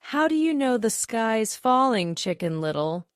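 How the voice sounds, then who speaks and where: A woman's voice: a little high, sing-song, a little slow, dry recording, studio quality, voice pushed up. A woman doing a doubtful young drake. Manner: questioning, skeptical. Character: doubtful young male duck.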